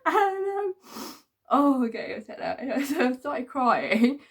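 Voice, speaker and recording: A woman's voice: sits high, lively intonation, measured pace, gravelly, slightly rough. A middle-aged woman from England telling rambling stories in a casual, chatty way, with many ums and frequent laughs. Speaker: vlogger. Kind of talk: casual storytelling.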